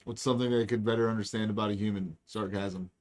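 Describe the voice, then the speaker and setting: A man co-hosting a casual livestream talk, quick and blunt with teasing remarks. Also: on the low side, steady tone.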